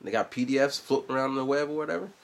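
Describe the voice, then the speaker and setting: A musician and vlogger in his forties chats casually, rambling loosely and filling things with asides. His medium-pitched voice is creaky and steady in tone, and he talks at a racing speed.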